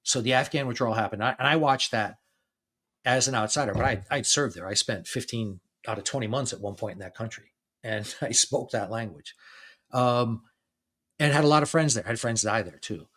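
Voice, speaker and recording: A middle-aged man in his fifties talks loosely on his own podcast, pitched right in the middle of the male range. He keeps chuckling between phrases and often restarts or doubles his words as the stories tumble out. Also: fairly quick, fairly bright tone. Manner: chatty storytelling, laughs often between phrases. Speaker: podcast host. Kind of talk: casual conversation.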